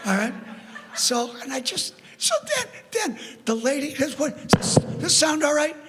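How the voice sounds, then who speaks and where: An older man preaching as a guest speaker, telling a story in an animated way with frequent laughter. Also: extremely high pitch, measured pace, loud music behind the voice. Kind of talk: storytelling sermon. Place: church sanctuary. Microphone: PA microphone. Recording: church sanctuary with long reverb.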